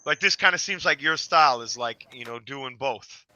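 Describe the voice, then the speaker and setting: A man hosting a casual livestream chat, excitable and quick to laugh, swearing freely. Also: mid-range voice, dry recording, highs cut off. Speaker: livestream host.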